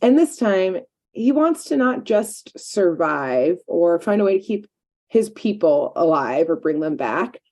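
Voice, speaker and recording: A woman's voice: lowish voice, sing-song, unhurried, dark tone. A woman co-hosting a podcast, casually recapping a cartoon episode with lots of filler words. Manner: chatty, frequent "like" and "um" fillers. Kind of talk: casual chat.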